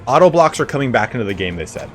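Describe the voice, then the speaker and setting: A man casually commenting on a game he plays live, chatting with viewers and breaking into excited reactions. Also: mid-range voice, racing, faint music behind. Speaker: game streamer.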